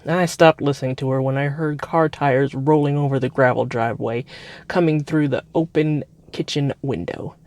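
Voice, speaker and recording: Calm man reading a story aloud. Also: medium pitch, normal speed, dry recording.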